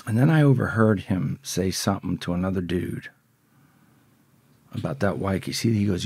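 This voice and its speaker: A man's voice: deep voice, normal speed, vocal fry, long pauses, a little mellow, husky, no echo. A middle-aged man telling a blunt, profane story as a podcast guest. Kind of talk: storytelling in an interview.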